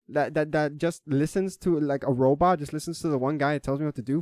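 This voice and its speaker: Young male vlogger, heated swearing rant, slightly high voice, dry home mic. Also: fast, darkish tone, no room sound. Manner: heated, swearing, repetitive restarts. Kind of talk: casual ranting monologue. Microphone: desk microphone.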